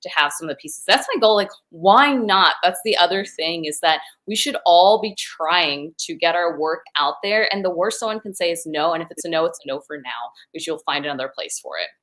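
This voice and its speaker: A woman's voice: lowish voice, animated, a little fast, hardly any pauses, a bit bright, rough recording. A woman from the United States, a guest actress in a video-call interview, talking enthusiastically and rambling a little.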